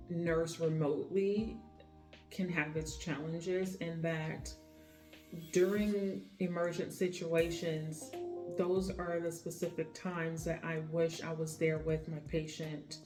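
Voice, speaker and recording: Chatty woman nurse vlogging, low voice. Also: dark tone. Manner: chatty, addresses viewers as y'all. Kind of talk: casual vlog storytelling. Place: home. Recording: echoey room with faint music.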